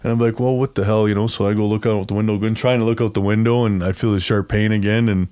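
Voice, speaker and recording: A man's voice: fairly low pitch, steady tone, fast talker, a little mellow, clean tone. A man casually telling a long story as an interview guest, rambling and acting out what others said, laughing often. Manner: rambling, acts out quoted voices, laughs often.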